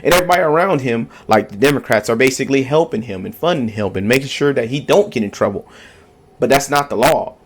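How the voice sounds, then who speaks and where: A man talks straight to his viewers in a casual reaction commentary, pressing each point with emphasis and repetition. His voice sits at an ordinary middle pitch. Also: expressive, quick pace, slight background noise. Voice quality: emphatic, repetitive, keeps asking okay.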